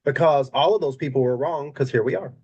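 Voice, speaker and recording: A man co-hosts a podcast in casual chat, his voice at a middle pitch. He tells stories in a relaxed, conversational way. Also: fairly quick, breathy edge, lo-fi sound. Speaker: podcast co-host.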